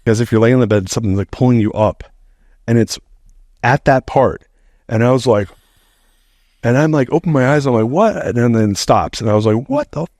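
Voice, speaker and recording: A man's voice: mid-range voice, a little fast, long pauses, dry recording, clean studio sound. A middle-aged man, a podcast guest, telling a story in a casual, rambling way, swearing freely and saying "like" often. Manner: animated, rambling, heavy use of "like", swears freely.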